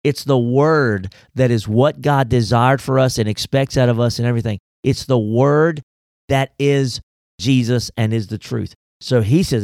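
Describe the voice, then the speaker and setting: Folksy gravelly pastor with a drawl. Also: male voice, medium pitch, moderate pace, dry recording, studio quality. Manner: folksy, animated preaching with rhetorical questions. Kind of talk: casual faith discussion.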